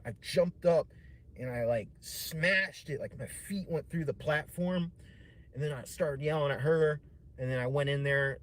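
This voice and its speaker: A man streaming, telling a personal story in a casual, rambling way, swearing often and saying "man" and "dude" a lot. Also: on the high side.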